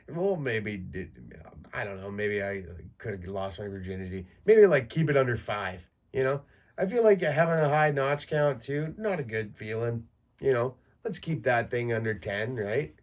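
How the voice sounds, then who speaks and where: A man in his mid-thirties rambles through a solo podcast in a loose, casual way. His speech is crude and jokey, full of "like" and "you know", with a voice pitched in the middle of a man's range. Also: normal speed. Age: 30s. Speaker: podcast host.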